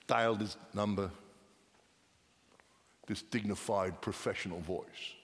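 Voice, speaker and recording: A man preaching a sermon, telling a story with hushed lines and emphatic outbursts. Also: lowish voice, measured pace, pauses often. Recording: long reverb of a large hall.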